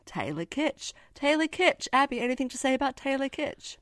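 Woman, podcast co-host, animated, swearing, dry close recording. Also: high-pitched, moderate pace, no room sound. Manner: animated, swearing, laughing, acts out quotes. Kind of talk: casual movie-review chat.

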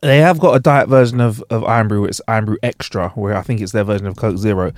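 A man's voice: on the low side, quick pace, darkish tone, dry recording, clean studio sound. A man co-hosting a podcast, chatting casually and laughing easily. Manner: laughing, easygoing storyteller. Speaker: podcast co-host. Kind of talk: casual chat.

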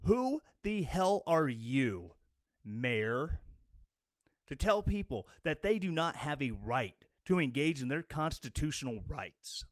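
A man's voice: a little high, big pitch swings, slow, no room sound, clean studio sound. A man giving an angry, sarcastic political rant as a commentator. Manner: sarcastic and combative.

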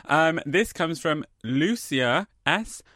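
A man's voice: on the high side, expressive, takes it slowly, sharp tone, no echo, studio quality. A man co-hosting a podcast in casual chat, with a camp, playful manner of banter. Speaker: podcast co-host.

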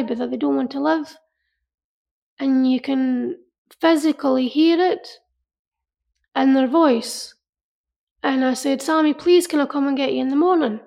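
A woman telling an emotional personal story in an earnest, halting way, often repeating herself. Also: high-pitched, vocal fry. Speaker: interviewee. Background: soft music.

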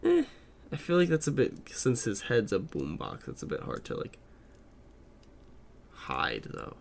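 A man's voice: lowish voice, wildly swooping pitch, a little slow, gravelly. A man co-hosting a podcast in casual chat, rambling with many fillers and swears. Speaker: podcast co-host.

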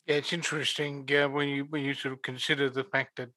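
A man's voice: mid-range voice, flat delivery, quick pace, sharp tone, no echo. A man hosting an interview, asking questions with wry, joking asides. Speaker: podcast host. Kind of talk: interview chat.

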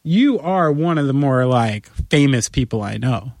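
A man co-hosting a podcast in casual chat, animated and playfully persuasive, talking in long run-on pitches. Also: measured pace, creaky, no room sound, clean studio sound. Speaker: podcast co-host.

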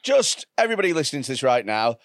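A man's voice: medium pitch, sing-song, no room sound. Man, comedian, podcast co-host, casual storytelling, dry close mic. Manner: crude, anecdotal storytelling with halting restarts. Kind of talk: casual chat.

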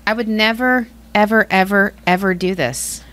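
A woman's voice: medium pitch, moderate pace. A chatty woman, co-hosting a casual podcast. She tells stories and pokes fun at herself. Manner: chatty, self-deprecating, animated storytelling. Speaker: podcast co-host. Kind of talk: casual chat.

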